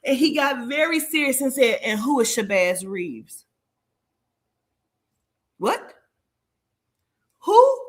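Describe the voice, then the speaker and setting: A woman tells a story in a loose, chatty way, cursing freely and jumping into the voices of everyone in it. Her voice sits a little high for a woman, and she keeps the telling lively and animated. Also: normal speed, hardly any pauses. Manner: animated, profane, acts out dialogue in shifting voices. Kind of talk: casual storytelling chat.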